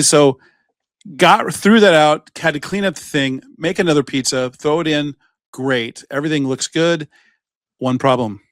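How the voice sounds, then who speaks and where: Male podcast co-host, mid-range pitch, dry close sound, loose and profane storyteller. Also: dry recording. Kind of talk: casual chat. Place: podcast studio.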